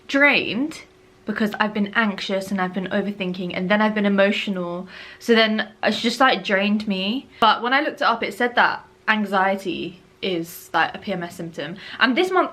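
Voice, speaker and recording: A young woman talks straight to camera in a casual diary vlog. Her voice is bright and clear, and her delivery is chatty and animated, with words repeated for emphasis. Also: medium pitch. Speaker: vlogger.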